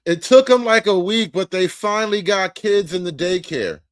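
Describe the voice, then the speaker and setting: A man's voice: sits high, animated, moderate pace, no echo, clean studio sound. A man giving a casual, profane, joking commentary as the host of a reaction show.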